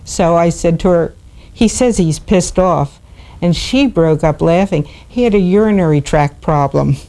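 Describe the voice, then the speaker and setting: Low, mellow-voiced woman animal communicator. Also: unhurried. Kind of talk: documentary interview storytelling.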